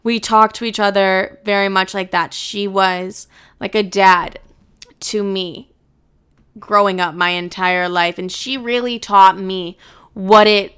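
A woman's voice: mid-range voice, a little slow, sharp tone, smooth. A young woman talking candidly to her viewers in a casual, blunt way, swearing freely and filling with "like". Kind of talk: candid personal monologue.

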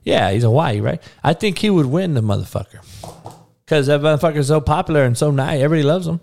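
A man's voice: fairly high pitch, quick pace, vocal fry, darkish tone. A man hosting a podcast, ranting casually and profanely to his audience with frequent laughing asides. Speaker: podcast host.

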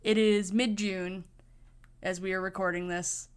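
A woman's voice: mid-range voice, level tone, measured pace, clean tone. A woman co-hosting a casual podcast, recapping a TV episode with friends. She talks in a loose, chatty way and pokes fun at her own pedantry. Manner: chatty, self-deprecating about being pedantic. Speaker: podcast co-host.

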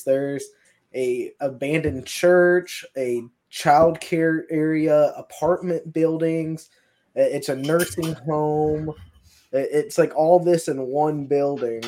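A man's voice: fairly high pitch, darkish tone, a little hiss or hum. A man, a guest paranormal investigator, telling his stories in a loose, rambling way with plenty of fillers. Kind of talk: casual storytelling.

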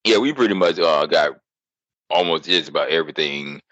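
A man's voice: rumbling low, brisk, fairly bright tone, no echo, low-quality recording. A man hosting a casual gaming chat, speaking in a laid-back, blunt, profane way. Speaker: podcast host.

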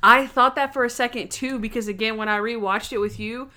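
A young woman in casual chat, recapping a TV episode, acting out scenes in quick voices and laughing often. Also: a little high, fairly even intonation, sharp tone.

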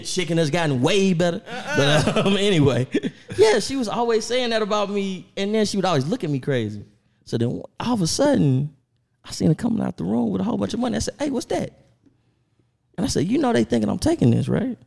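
A man co-hosting a podcast, telling stories in casual chat, laughing often and jumping into high voices for quotes. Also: quick pace, creaky. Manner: animated, laughing storyteller who jumps into high voices for quotes. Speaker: podcast co-host.

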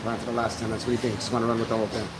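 A man's voice: medium pitch, little pitch movement, very fast, background noise. A man co-hosting a podcast, rambling through casual talk with restarts and laughs. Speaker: podcast co-host. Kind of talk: casual chat.

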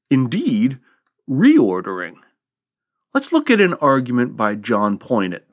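A man's voice: mid-range voice, fairly bright tone. A man hosting a history podcast, giving a scripted talk in a lecturing manner with dry asides.

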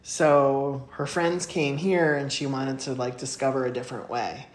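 A woman's voice: a bass voice, steady tone, unhurried. A woman co-hosting a podcast, chatting casually and telling a story with lots of fillers. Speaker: podcast co-host. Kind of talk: casual chat. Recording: roomy echo.

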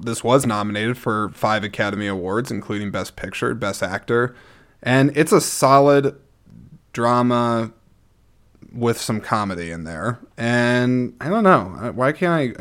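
A man hosting a podcast, chatting casually and rambling through his movie collection, often restarting his sentences and clearing his throat. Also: medium pitch, fairly bright tone. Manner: rambling, self-interrupting, frequent restarts. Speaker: podcast host.

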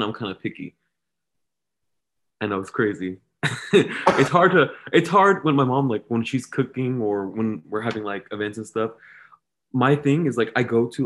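Young man, emphatic casual guest. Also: lowish voice. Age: 20s. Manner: emphatic, repeats his points firmly. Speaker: podcast guest, baker. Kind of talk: casual chat.

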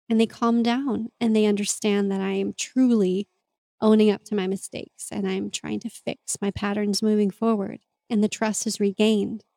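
A woman's voice: mid-range voice, little pitch movement, moderate pace, mellow, no room sound. A woman hosting a podcast, talking in an earnest, open and confessional way in a reflective monologue. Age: adult parent. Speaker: podcast host and mentor.

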